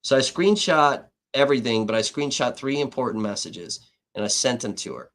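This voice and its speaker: A man's voice: mid-range voice, animated, normal speed, a bit bright. A man hosting a livestream as an independent reporter, retelling a dispute in casual, heavily profane talk and laughing between points.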